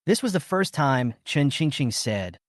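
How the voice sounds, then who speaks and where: A man reading a scripted story recap as its narrator, in a steady storytelling manner. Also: medium pitch, a little slow, no room sound, clean studio sound.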